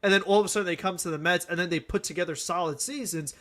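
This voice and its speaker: A man's voice: high voice, rapid-fire, a bit bright. A man co-hosting a sports podcast, talking earnestly and at length about his team and laughing easily. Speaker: podcast co-host. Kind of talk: casual sports talk.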